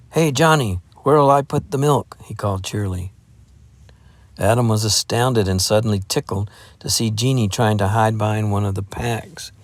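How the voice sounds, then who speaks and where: A man narrating an audiobook in a steady, measured way. His voice sits on the lower side. He reads the story through at an even storytelling pace. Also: dry recording. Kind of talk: scripted narration.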